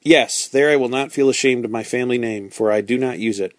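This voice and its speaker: A man reads a principled young nobleman in a storybook, earnest and solemn. The voice is a medium-pitched male voice, close to the reader's own. It is recorded dry. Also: fairly quick, no room sound, close to an everyday voice.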